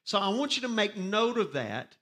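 A man's voice: high-pitched, big pitch swings, moderate pace, fairly bright tone. A man teaching a Bible study sermon, reading scripture with rising emphasis and telling listeners to underline words. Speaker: pastor.

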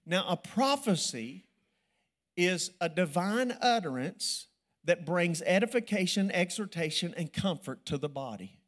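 Man preaching a sermon, rising to loud emphasis. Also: high-pitched, animated, unhurried.

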